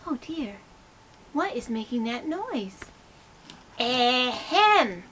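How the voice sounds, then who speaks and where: A woman voicing a gentle, puzzled puppet pig. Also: high-pitched, big pitch swings, extremely slow, slight background noise, exaggerated voice, rough recording. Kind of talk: puppet skit.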